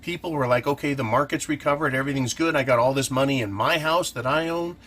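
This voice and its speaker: A man's voice: medium pitch, quick pace, fairly bright tone. A man hosting a casual commentary, talking through his points by asking and answering his own questions. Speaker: host.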